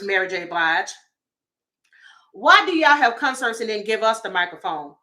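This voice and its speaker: A woman's voice: mid-range voice, expressive, normal speed, bright, forceful tone. A woman, giving goofy, chatty celebrity gossip commentary as a tarot reader and calling her viewers y'all.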